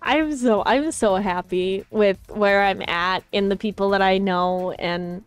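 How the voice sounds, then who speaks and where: A woman's voice: mid-range voice, unhurried, clear, resonant tone, faint music behind. A woman hosting a live stream, gushing and rambling in casual chat, with many restarts. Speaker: streamer host.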